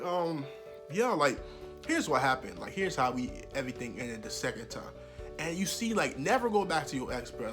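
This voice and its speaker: A young man telling a casual storytime monologue, animated, with laughing and loud outbursts. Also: a little high. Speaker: vlogger. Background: background music.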